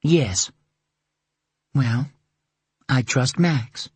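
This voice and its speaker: Earnest early-thirties mother, tender then steady, read by a male narrator, dry close audiobook sound. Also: mid-range voice, drawn-out words, slightly rough, no room sound, voice pushed up. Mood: firm. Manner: gentle and earnest, turning firm. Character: woman in her early thirties, a loving but firm mother.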